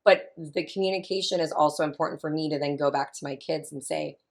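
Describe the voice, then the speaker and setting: A woman's voice: sits low, fairly even intonation, quick pace, gravelly. A woman in her thirties, a family consultant, talking in a chatty, emphatic way and repeating her key points as a guest in an interview. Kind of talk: casual interview talk.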